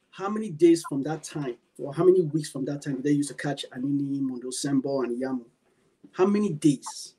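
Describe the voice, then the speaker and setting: An emphatic man with a Nigerian English accent makes his case on a talk show, driving his points home with repetition. His voice sits a little high, with a mellow, husky tone. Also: normal speed, rough recording. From Nigeria, Benin (Edo). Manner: emphatic, repeats points for stress. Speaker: panel speaker. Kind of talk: impassioned talk-show commentary.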